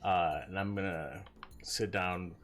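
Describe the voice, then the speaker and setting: A man's voice: low voice, steady tone, slow, background noise. A man taking part as a player in a tabletop game, talking casually and laughing often.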